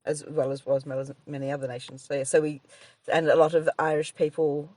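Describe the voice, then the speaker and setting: A woman's voice: low voice, flat delivery, a little fast, darkish tone, no echo. An Australian woman co-hosting a casual podcast, rambling chattily, often laughing and breaking off mid-sentence to restart. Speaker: podcast co-host, comedian. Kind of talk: casual chat.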